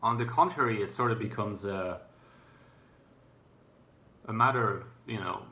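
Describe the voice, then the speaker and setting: A man's voice: on the low side, measured pace, bright, forceful tone. A man talking to camera in a reflective, casual monologue, thoughtful and hesitant, with many fillers and restarts. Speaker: YouTuber. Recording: echoey room.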